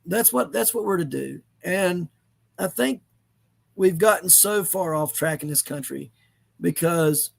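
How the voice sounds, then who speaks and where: A middle-aged man tells a moving personal story in an earnest, halting way, full of restarts. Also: fairly high pitch, vocal fry. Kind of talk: emotional storytelling in conversation.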